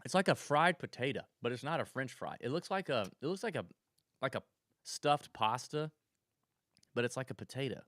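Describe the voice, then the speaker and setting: Here a podcast co-host tells meandering stories in easygoing chat, repeatedly restarting his thoughts. His mid-range voice is expressive and a bit bright at a normal speed, recorded dry with clean studio sound.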